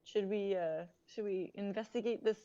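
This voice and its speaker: A woman's voice: mid-range voice, fairly even intonation, moderate pace, mellow, dry recording. A woman playing a tabletop game, chatty and keen on the rules. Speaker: player. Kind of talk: casual tabletop play. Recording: dull lo-fi mic.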